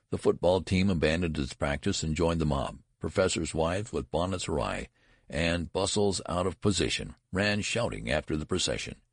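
Very deep, gravelly male narrator. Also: no echo, studio quality. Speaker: audiobook narrator. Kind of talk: scripted narration.

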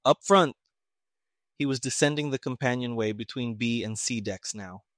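A man narrating an audiobook in a steady, even storytelling manner. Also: mid-range voice, fairly quick, no echo, clean studio sound.

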